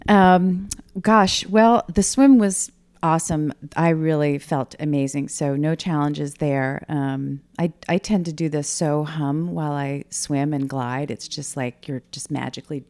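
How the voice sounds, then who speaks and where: A middle-aged woman telling teammates about her triathlon in casual chat, animated and laughing as she goes. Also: deep voice, a little slow. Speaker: triathlete guest. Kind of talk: casual race recap chat.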